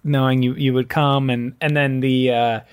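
A man co-hosting a casual film chat, speaking haltingly, with lots of fillers and restarts. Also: mid-range voice, little pitch movement, clean tone. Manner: hesitant, many fillers and restarts. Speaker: podcast co-host.

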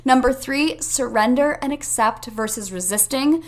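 Speaking at a normal speed in a high-pitched voice, this young podcast host addresses her audience head-on. She delivers motivational self-help talk with energy and emphasis.

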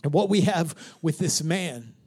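A man preaching a sermon in church, joking with the congregation and swinging from hushed whispers to shouts. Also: fairly high pitch, expressive, measured pace, breathy edge, soft background music. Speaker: pastor.

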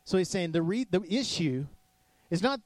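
A male pastor preaching a sermon in a casual, animated way, acting out voices in his stories. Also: high-pitched, normal speed, dry recording. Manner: casual with many "like" fillers.

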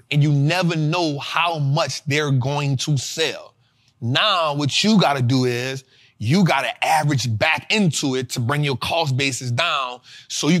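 A man, lecturing a class on investing in an animated way and talking straight to his audience. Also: medium pitch. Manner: animated, talks straight to the audience, acts out students' voices. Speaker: investing teacher and show host.

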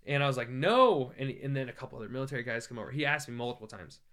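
An American man, a traveling evangelist, telling a story in a podcast interview, animated and joking and acting out the voices of the people he quotes. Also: mid-range voice, racing, clean tone. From United States. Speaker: evangelist guest. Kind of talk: conversational storytelling.

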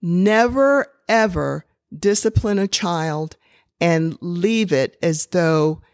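An older woman giving calm, instructive parenting advice, with personal stories mixed in. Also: on the low side, takes it slowly, no room sound, studio quality. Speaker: parenting advisor. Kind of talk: slow, measured advice talk.

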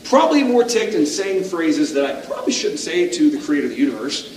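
A man's voice: a little high, sing-song, brisk, a little mellow, slight background noise. A middle-aged male pastor preaching a sermon in a conversational, self-deprecating way, asking the audience questions. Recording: echoey room, distant mic.

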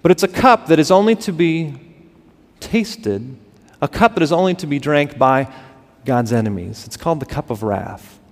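Male pastor, thirties, dramatic sermon delivery, loud peaks and hushed lows, long hall reverb. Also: expressive. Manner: dramatic swings between loud emphasis and hushed, drawn-out words. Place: church sanctuary.

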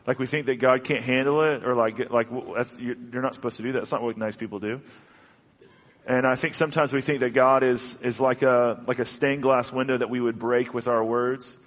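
A man preaching a sermon in an earnest, halting way, often restarting his sentences. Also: medium pitch, steady tone, fairly bright tone. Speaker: pastor. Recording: long hall reverb.

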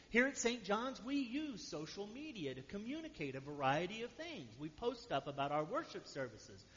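High-voiced preacher in a reverberant hall. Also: male voice. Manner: conversational preaching, frequent "right?" to the congregation. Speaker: pastor. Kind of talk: sermon. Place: church sanctuary. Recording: dull sound with long hall reverb.

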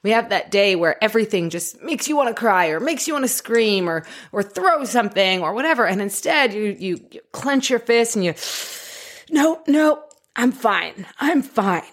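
Animated woman life coach. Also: medium pitch, fairly quick, few pauses. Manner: animated, laughs often, acts out quotes. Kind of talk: motivational talk.

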